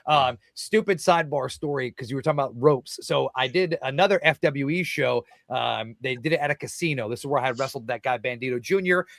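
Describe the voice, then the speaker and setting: A man's voice: mid-range voice, a little fast, gravelly, hardly any pauses, a bit bright, dry recording. A man, a wrestler, telling stories on a casual podcast, swearing often, laughing through them, acting out other people's lines.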